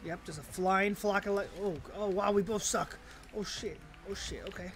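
A man's voice: sits high, normal speed, slight background noise. A young man swearing and ranting while commenting on his own gameplay at his computer, mocking himself and his opponents. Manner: excitable, profane, self-mocking outbursts. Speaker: gamer. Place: at a home computer.

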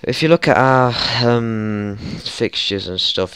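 Young man, lowish smooth voice, dry close sound, frustrated game commentary, swears and shouts. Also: animated, takes it slowly, no room sound. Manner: frustrated, swearing, exasperated outbursts. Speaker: gaming YouTuber. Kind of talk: football management let's play commentary.

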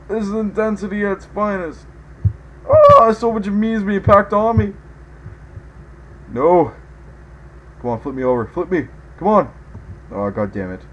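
A man giving let's play commentary as a gaming video host, excitable, yelping and groaning at every mishap. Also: high-pitched, background noise.

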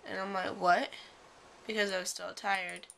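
A woman's voice: mid-range voice, little pitch movement, a little fast, gravelly, pushed and bright, a little hiss or hum. A young woman vlogging casually at home, telling a story in a chatty way with lots of fillers. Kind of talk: casual vlog chat. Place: at home indoors.

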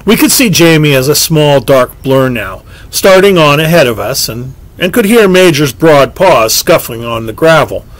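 A man narrating a story aloud in a lively, expressive way. His voice is fairly high for a man and rises and falls widely across each sentence. He reads as a scripted narration. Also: normal speed, few pauses, no room sound, low-quality recording. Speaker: audiobook narrator.

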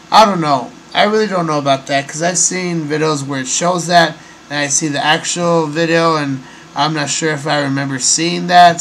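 Rambling man, raised pitch, faint hum. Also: fairly bright tone, low-quality recording. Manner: rambling, hesitant, many fillers. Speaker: host. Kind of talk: casual monologue.

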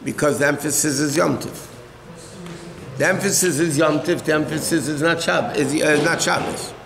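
A man's voice: a little high, fairly even intonation, moderate pace, gravelly, background noise. A man, a rabbi, teaching a religious law class in a conversational, explanatory way and fielding questions from listeners. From United States. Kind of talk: halacha class lecture. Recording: echoey hall.

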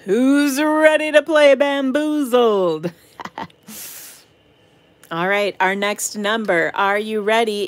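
A woman's voice: on the high side, fairly even intonation, drawn-out words, long pauses, dry recording. A middle-aged woman hosting an online craft game night, calling bingo numbers in a giggly, playful way and breaking into silly singing. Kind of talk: casual live-stream chat calling bingo. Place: home craft room.

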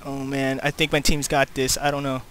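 A young man giving live commentary over an online shooter game, excitable, swearing often and yelping in panic. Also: medium pitch, a little fast, slight background noise. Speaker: gamer.

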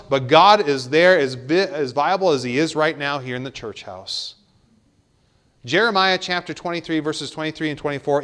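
A man's voice: a little high, a bit bright. A man preaching a sermon in a church, reading scripture aloud and repeating key words for emphasis. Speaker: pastor. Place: church sanctuary.

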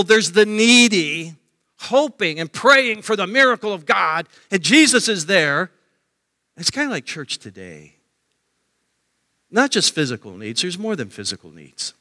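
A man preaching a sermon as pastor, telling the story with animated swings of voice and acting out crowd voices. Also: medium pitch, big-room sound. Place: church sanctuary.

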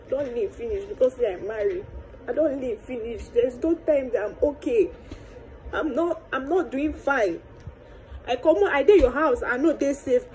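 Her voice is fairly high and warm, though the audio is poor and has slight background noise. A young adult Nigerian-accented vlogger, she delivers a tearful monologue to camera, pouring out her hurt in a mix of Pidgin and Yoruba with repeated pleading questions.

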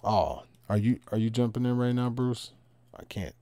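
A man's voice: medium pitch, normal speed, a little hiss or hum. Brash man hosting a card break. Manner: loud, teasing banter with coarse language. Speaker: trading card box break host. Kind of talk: live card break, chatting with viewers.

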